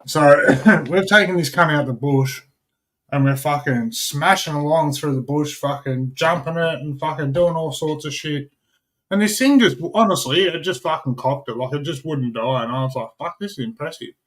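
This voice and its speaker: A man's voice: fairly high pitch, normal speed. Foul-mouthed Australian man spinning a yarn. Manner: profane, animated storytelling. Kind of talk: casual chat.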